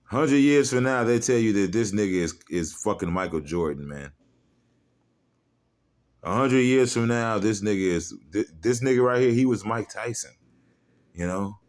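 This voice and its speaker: A man delivering a heated, mocking religious rant, profane and fiery, who breaks into quiet asides and reads scripture aloud. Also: fairly low pitch, animated, moderate pace. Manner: reads scripture aloud in old-style wording. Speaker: street-style preacher.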